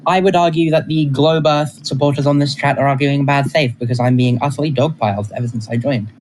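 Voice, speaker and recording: A man's voice: mid-range voice, steady tone, a little fast, a little mellow, slight background noise, poor audio. A man in a heated online debate, defiant and dismissive toward the others. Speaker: debate participant on voice chat.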